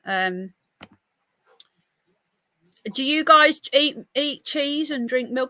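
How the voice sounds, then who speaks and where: Bright-voiced chatty woman. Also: sits high, animated, extremely slow, long pauses, dry recording. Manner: chatty, rambling, easily distracted. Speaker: podcast host reading news. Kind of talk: casual live news chat. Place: home by a window. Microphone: laptop mic.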